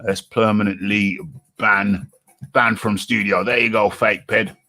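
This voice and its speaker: A male host of a live-streamed talk show, chatting freely and breaking into laughs. His fairly low voice has a forceful, bright edge and sounds close and dry. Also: little pitch movement, measured pace, dry recording.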